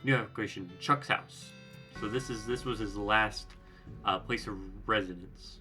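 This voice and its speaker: A man playing a game and reading its text aloud, adding wry, deadpan asides, with game music underneath. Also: on the low side, slow pace, long pauses. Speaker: game player.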